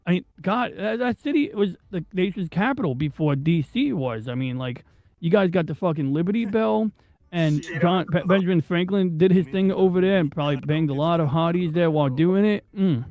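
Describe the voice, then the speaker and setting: Rambling New man, fairly high voice. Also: animated, brisk, a little mellow, low-quality recording. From New York. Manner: rambling, digressive, swears freely, many fillers. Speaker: podcast host. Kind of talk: casual rambling chat.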